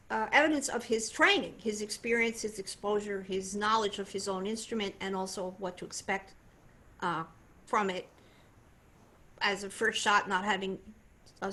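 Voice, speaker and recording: An older woman voice teacher explaining singing technique in a conversational, animated way. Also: mid-range voice, normal speed. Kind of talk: voice lesson demonstration and explanation.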